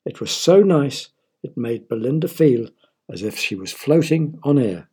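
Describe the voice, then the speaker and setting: A man narrating a children's story in a playful, engaging way, pausing to ask his young listeners questions. His voice is husky and breathy, sitting at an ordinary middle pitch for a man. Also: lively intonation, a little mellow.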